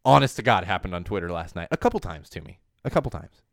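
Male podcast host, 30s, lively swooping delivery, dry close sound, casual news riffing. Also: sits low, fast talker, vocal fry, dry recording. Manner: animated, riffing, rambling asides.

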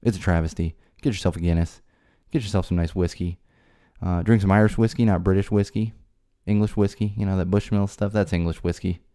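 A man hosting a solo podcast, ranting in an exasperated way, his voice climbing high when he gets worked up. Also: fairly even intonation, fairly quick, warm tone, clean tone. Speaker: podcast host. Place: home studio.

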